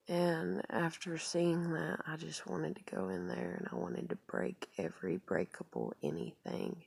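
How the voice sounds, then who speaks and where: A woman's voice: low-pitched, big pitch swings, a little slow, creaky, few pauses, a little mellow, slightly rough, dry recording. A woman talking in a rambling confessional vlog, full of fillers and trailing off into whispered asides. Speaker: vlogger.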